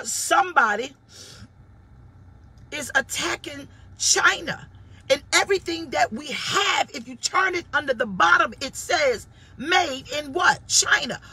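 Fiery high-pitched woman preacher. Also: slight background noise. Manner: fervent preaching, shouting, greeting viewers by name. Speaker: pastor. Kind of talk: livestream sermon. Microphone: phone or webcam livestream.

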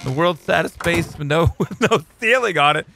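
An excitable man narrating his gameplay in a lively, bouncing voice with a bright edge. He cheers, jokes and coos at his in-game pets, over a faint hiss. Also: on the high side, moderate pace, creaky. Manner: excitable, jokey, talks to his tamed creatures. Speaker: gaming YouTuber. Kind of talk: let's play commentary.

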